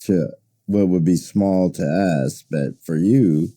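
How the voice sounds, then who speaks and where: A man's voice: low-pitched, takes it slowly, mellow. A man co-hosting a podcast, talking in a supportive, reflective way and offering his opinions. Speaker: podcast co-host. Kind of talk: casual podcast chat.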